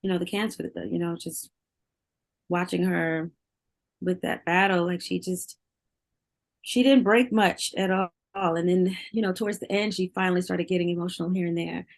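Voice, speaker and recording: Candid woman guest, lowish voice. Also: steady tone, normal speed. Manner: candid, heavy filler use, laughs easily. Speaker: singer, interview guest. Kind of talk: emotional interview conversation.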